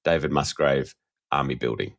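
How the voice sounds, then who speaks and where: A man's voice: very deep voice, moderate pace. A man co-hosting a podcast, casually chatting and reading through listener comments. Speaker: podcast co-host. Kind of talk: casual chat.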